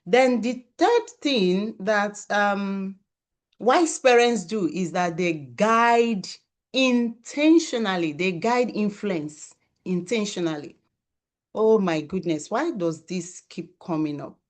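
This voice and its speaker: A woman's voice: mid-range voice, lively intonation, takes it slowly. A woman giving an emphatic motivational talk to parents, repeating key phrases for stress. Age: adult parent of children. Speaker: parenting speaker.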